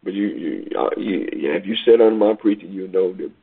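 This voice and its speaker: Man, preacher, sermon, lively pitch, raspy. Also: a little fast. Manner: call-and-response preaching, rising to near-shouts on key phrases. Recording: tinny phone-like radio broadcast.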